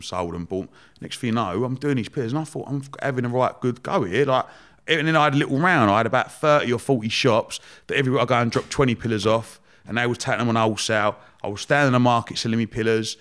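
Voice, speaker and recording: A man, a podcast guest telling his story in a lively, slangy, chatty way. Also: mid-range voice. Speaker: guest, entrepreneur. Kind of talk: casual storytelling.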